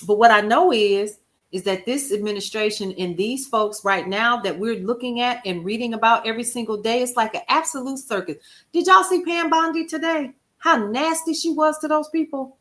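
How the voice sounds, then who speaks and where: A woman hosting a casual livestream, talking to viewers in a folksy, expressive way, calling out names from the chat and telling stories with lively quoted asides. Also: mid-range voice, normal speed. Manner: expressive, folksy, animated storytelling with chat shout-outs. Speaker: livestream host.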